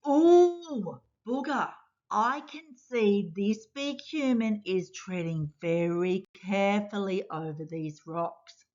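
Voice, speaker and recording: A woman voicing a curious little snot creature that talks in an excited, wondering storybook voice. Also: mid-range voice, slow, lightly acted. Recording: dull lo-fi sound.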